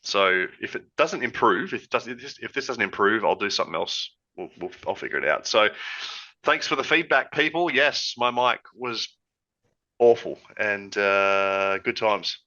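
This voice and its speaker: Bright-voiced man on a lo-fi headset. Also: fairly low pitch, moderate pace. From Australia. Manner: rambling, easygoing, laughs often. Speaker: podcast co-host. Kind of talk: casual chat. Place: hot room at home with big fan. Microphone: old headset. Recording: lo-fi headset audio.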